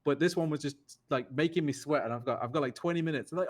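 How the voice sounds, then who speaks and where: A young British man, a poker player and podcast guest, telling casual stories and quoting others in raised, lively voices. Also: on the high side, fast talker. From United Kingdom. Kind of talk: casual storytelling.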